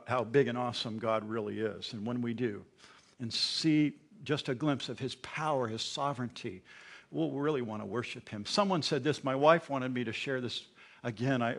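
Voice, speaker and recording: A middle-aged male pastor preaching a sermon, moving between quiet asides and loud proclamations, often repeating words when stirred up. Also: medium pitch, gravelly.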